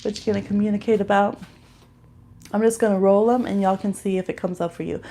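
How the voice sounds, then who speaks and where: A woman's voice: mid-range voice, fairly even intonation, fast, warm tone. A woman giving a casual live-stream tarot and astrology reading, chatting straight to her viewers and laughing often as she pulls cards.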